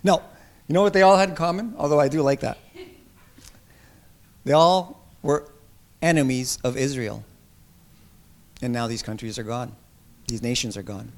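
A man preaching a sermon with emphasis, reading scripture slowly and asking his listeners questions. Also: mid-range voice, steady tone. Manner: emphatic, asks the congregation questions; reads scripture aloud slowly. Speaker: pastor.

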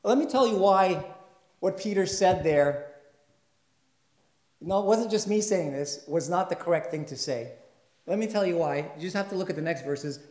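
A male pastor delivers a sermon in a conversational style and keeps checking in with his listeners. His voice sits a little high, and it swells into loud, emphatic stretches. The recording has a roomy echo. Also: normal speed, long pauses. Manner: conversational, asks the congregation questions; builds to loud, emphatic passages. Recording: echoey room.

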